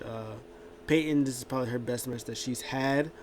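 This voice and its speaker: Male vlogger, mid-pitched, casual recap, rambling, faint background hiss. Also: moderate pace, darkish tone. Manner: rambling, many filler words and restarts. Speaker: wrestling show recap vlogger.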